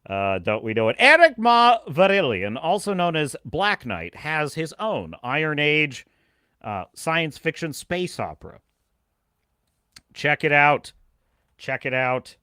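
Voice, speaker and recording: A man hosts a live stream, chatting to his viewers in an excitable rant that keeps breaking into laughs. His voice runs fairly high and swoops a lot, with a bright, forceful edge. The sound is dry and close. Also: slow, smooth, no echo. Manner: animated, laughing, reads chat aloud. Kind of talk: ranting live stream chat.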